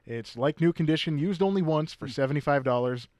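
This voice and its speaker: A man's voice: a little high, fairly quick, a little mellow, no echo. A man co-hosting a local radio classifieds show, steadily reading listings and phone numbers while losing his voice. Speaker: radio co-host.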